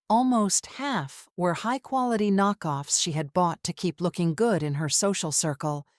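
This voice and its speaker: A woman narrates a family drama in a steady, measured way. Her voice sits on the low side and is recorded dry and close. The quoted lines get little change in voice. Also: no room sound. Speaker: storyteller. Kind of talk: scripted narration.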